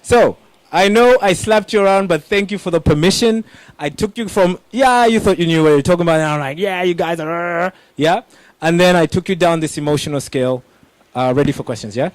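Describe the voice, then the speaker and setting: A young man speaking as a motivational coach, his voice sitting fairly high for a man. He talks with lots of energy and punchy emphasis, throwing questions straight at the crowd. The sound is dry and close, with little room around it. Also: a little fast, dry recording. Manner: energetic, emphatic, addresses audience directly. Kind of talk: motivational talk.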